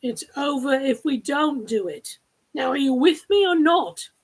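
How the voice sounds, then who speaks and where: A woman voicing a determined young man who speaks in a firm, brisk and decisive way, read aloud from her novel. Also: high voice, lively intonation, rough recording. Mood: resolute.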